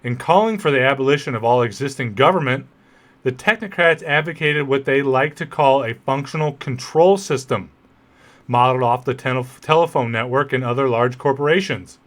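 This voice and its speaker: A man's voice: mid-range voice, moderate pace, fairly bright tone. Man giving political commentary. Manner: conversational, rhetorical asides to listeners. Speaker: podcast host.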